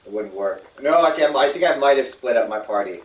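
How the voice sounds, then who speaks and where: A man chatting casually while playing a video game, relaxed and restarting his sentences often. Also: medium pitch, fast. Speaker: game player. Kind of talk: casual gaming chat. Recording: echoey room, mic far off, faint hiss.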